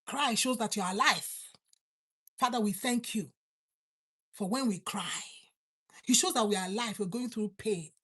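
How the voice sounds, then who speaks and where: A woman preaching and praying, repeating her thanks to God and slowing down on key words. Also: medium pitch, fairly bright tone, husky. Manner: fervent, repetitive prayer phrases, slows for emphasis. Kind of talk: prayer and sermon.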